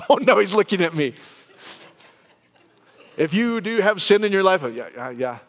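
A man preaching to his congregation in an animated, joking way, his voice sitting a little high for a man. The sound rings with a long reverb through the church hall, as if carried across a large room. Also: moderate pace. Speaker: pastor. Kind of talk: sermon.

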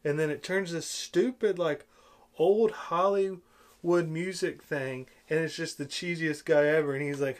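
A man giving a casual, opinionated film review, sarcastic and exasperated, with big swings in loudness. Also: on the high side, a little slow.

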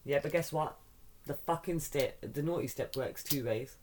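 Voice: mid-range voice, moderate pace. A middle-aged podcast host, telling a family story in casual chat, acting out the other people's voices and swearing casually. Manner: animated, mimics voices in stories, swears casually.

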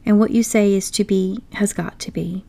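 Woman voicing a gentle wistful mole. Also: mid-range voice, fairly even intonation, moderate pace, vocal fry. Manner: soft, wistful, loyal. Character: loyal gentle shy male mole. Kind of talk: audiobook storytelling.

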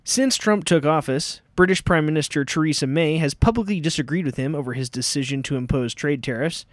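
A man's voice: fairly high pitch, fairly quick, no echo, studio quality. Newsreader-style male radio host. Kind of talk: comedy news radio parody.

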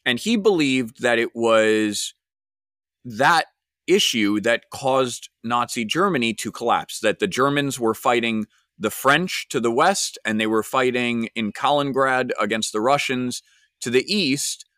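A man's voice: medium pitch, unhurried, a bit bright, no room sound. Man with a dry, conversational delivery. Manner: conversational, wry, with fillers and restarts. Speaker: podcast host. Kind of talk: casual storytelling and commentary.

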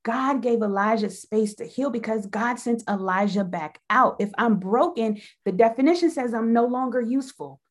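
A woman with a slightly high voice talks about faith in an emphatic, preacherly way. She builds her points through repetition, like a sermon inside a conversation. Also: moderate pace, hardly any pauses.

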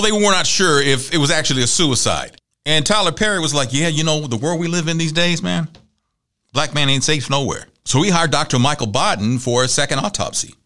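A man's voice: medium pitch, sharp tone. A man hosting a talk show, casually running through news and celebrity gossip with wry asides and laughs at his own jokes.

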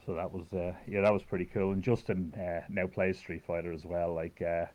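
A man's voice: sits low, little pitch movement, a little fast, darkish tone. A man in his thirties from Ireland with an Irish accent, telling stories in a casual chat with lots of fillers and restarts. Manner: rambling storyteller, many fillers and restarts. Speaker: guest. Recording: dull lo-fi audio.

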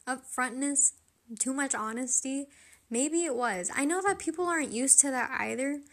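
A woman's voice: sits high, moderate pace. Chatty young woman, rambling podcast talk. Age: young adult. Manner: chatty, rambling, self-questioning; laughs often while talking. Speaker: podcast host. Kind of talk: casual solo podcast chat.

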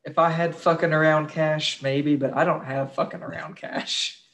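A man's voice: a little high, flat delivery, moderate pace, creaky, fairly bright tone. A young man co-hosting a casual true-crime podcast, crude and swearing freely, laughing while he tells grim facts. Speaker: podcast co-host.

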